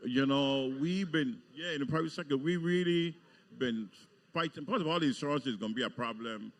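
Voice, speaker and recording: A man's voice: medium pitch, a little fast. A man co-hosting a live morning talk show, conversational and prone to repeating himself. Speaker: co-host. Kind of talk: casual radio chat.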